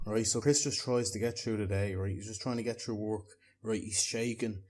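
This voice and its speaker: Low-voiced man spinning a yarn. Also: fairly even intonation, normal speed, a little mellow. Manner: rambling, peppered with "right?" and swearing. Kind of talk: casual anecdote storytelling.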